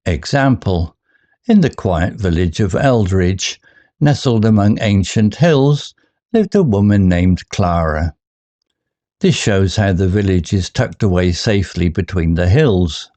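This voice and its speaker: A man reading a scripted English vocabulary lesson, giving words, definitions and examples in a measured, deliberate way. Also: sits low, animated, mellow.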